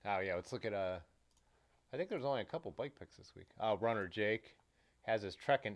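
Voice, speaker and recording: A man's voice: lowish voice, brisk. A man hosting a casual livestream, rambling along and reading viewer comments aloud. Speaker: livestream host. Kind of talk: casual live chat.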